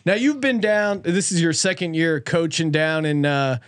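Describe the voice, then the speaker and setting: Chatty man hosting a podcast, higher voice. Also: moderate pace, clean tone, no room sound, clean studio sound. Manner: chatty, laughs often. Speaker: podcast host. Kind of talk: casual podcast interview.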